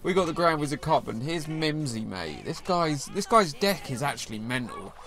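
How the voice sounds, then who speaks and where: A man's voice: fairly high pitch, normal speed. Slangy young man commentating his game. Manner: excitable, slangy banter at his opponent. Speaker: gaming YouTuber. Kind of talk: casual gameplay commentary. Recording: faint game music behind the voice.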